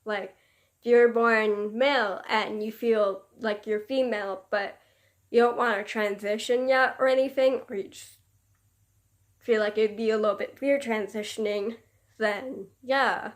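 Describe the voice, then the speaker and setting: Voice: medium pitch, fairly even intonation, unhurried. A young vlogger chatting casually to camera, rambling and searching for words with many fillers.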